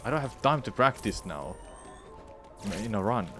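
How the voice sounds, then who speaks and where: A man's voice: fairly low pitch, big pitch swings, moderate pace, a bit bright, soft background music. Frustrated, swearing speedrunning streamer man. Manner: frustrated, swearing, muttering to himself. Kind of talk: live streaming commentary while playing.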